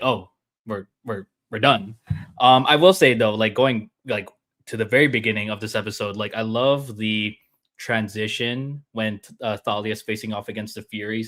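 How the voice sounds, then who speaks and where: A man with a somewhat low voice speaks as a guest on a fan discussion. He rambles with excitement from point to point, heard over a video call. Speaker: guest panelist.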